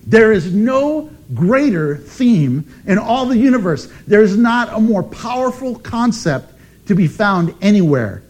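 A man preaching a sermon as pastor, emphatic and animated, with dramatic pauses. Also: high voice.

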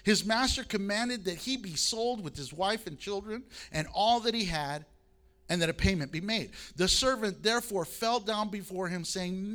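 A male pastor preaching a sermon, reading scripture aloud and moving between loud emphasis and quiet asides. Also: high voice, normal speed.

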